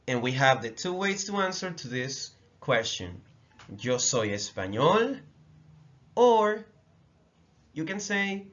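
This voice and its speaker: A man from the Dominican Republic with a Dominican Spanish accent, teaching a language lesson slowly and repeating phrases for learners. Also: fairly high pitch, a bit bright, highs cut off.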